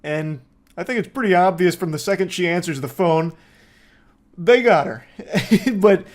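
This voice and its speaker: A man's voice: high voice, expressive, measured pace. A man giving sarcastic, joking commentary on a video clip, swearing and laughing as he goes. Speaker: reaction commentator. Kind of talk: casual commentary.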